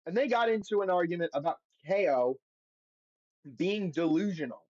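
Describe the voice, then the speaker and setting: A man's voice: high-pitched, expressive, moderate pace, darkish tone, no room sound, dull audio. A man hosting a podcast on his own, reading results aloud and then giving blunt, profane opinions in a casual recap. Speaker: podcast host.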